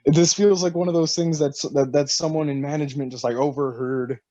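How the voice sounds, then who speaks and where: A man's voice: fairly high pitch, a little fast, no room sound, lo-fi sound. Laughing, cursing man on a podcast. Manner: profane, laughing, animated storytelling. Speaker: podcast co-host. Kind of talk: casual wrestling chat.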